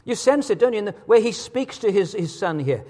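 A man preaches a sermon, his fairly high voice lifting into emphatic peaks. He keeps asking the congregation rhetorical questions. The sound carries a long reverb from the church hall. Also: animated, brisk, mellow.

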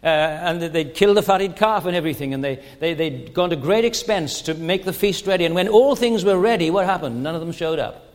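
A man's voice: on the high side, lively intonation, fairly quick, few pauses, big-room sound. A man preaching a sermon in an earnest way, asking rhetorical questions and often stammering and restarting his phrases.

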